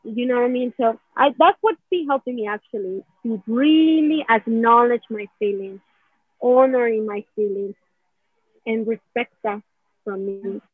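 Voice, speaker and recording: Slightly high and breathy, she speaks at a measured pace with no room sound. Her casual, wandering explanation of a healing technique is full of "right?" and quoted asides that act out emotions, captured in a dry, phone-narrow recording.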